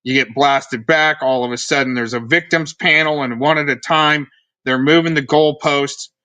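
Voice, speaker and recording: A man hosting a livestream, talking in a scornful, sarcastic ramble. His voice sits a little high and sounds bright and forceful. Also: steady tone, moderate pace, lo-fi sound. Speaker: livestream host. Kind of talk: ranting commentary on a livestream.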